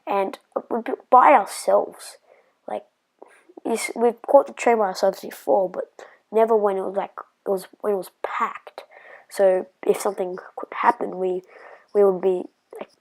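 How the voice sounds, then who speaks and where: A woman's voice: mid-range voice, fairly even intonation, measured pace, low-quality recording. A woman telling a personal story in a casual vlog, rambling and hesitant with lots of fillers, sometimes dropping to a whisper.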